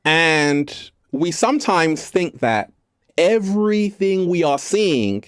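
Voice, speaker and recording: A man from England talking casually to camera from an art gallery, playful and animated, stretching out his words. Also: a little high, clear, resonant tone, dry recording, clean studio sound. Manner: animated, playful, slow drawn-out phrases, fond addresses to viewers. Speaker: vlogger and self-help speaker. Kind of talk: casual spiritual talk to camera.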